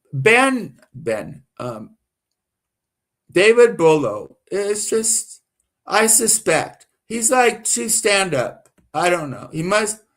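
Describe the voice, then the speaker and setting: A Southern man's live-stream commentary rambles and repeats, often turning heated and indignant. He talks unhurriedly in a drawn-out way, his voice a bit high for a man with a fairly bright tone.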